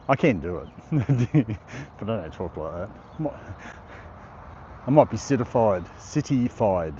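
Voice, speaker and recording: A man's voice: on the low side, lively intonation, measured pace, pauses often, dark tone, lo-fi sound, a little hiss or hum. Chatty Australian man live-streaming at a park. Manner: chatty, reads viewer comments aloud, laughs often. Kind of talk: casual live stream chat. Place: outdoor park.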